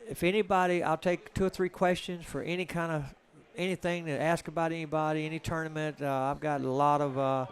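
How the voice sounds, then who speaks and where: Southern US man, rambling folksy commentator, voice a touch high. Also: steady tone, brisk, few pauses. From Georgia, USA. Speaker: pool stream commentator. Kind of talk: casual live-stream chat.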